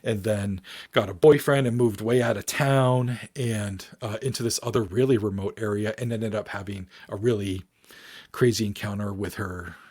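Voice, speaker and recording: In a casual chat, a male paranormal researcher appearing as a guest tells a story, acting out the people in it with animated quoted voices. His voice sits lowish and moves at a moderate pace.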